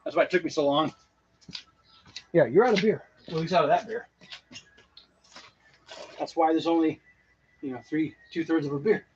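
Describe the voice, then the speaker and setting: A man co-hosting a homebrew stream, chatting in a relaxed way and laughing easily. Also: on the high side, moderate pace, pauses often, muffled recording, a little hiss or hum. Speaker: homebrew show co-host. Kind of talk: casual chat on a live stream.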